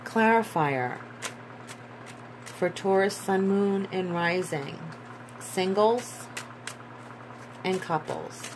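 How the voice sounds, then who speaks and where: A woman giving a tarot reading in a slow, musing way, repeating herself and breaking into excited bursts. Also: mid-range voice, noisy background. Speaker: tarot reader.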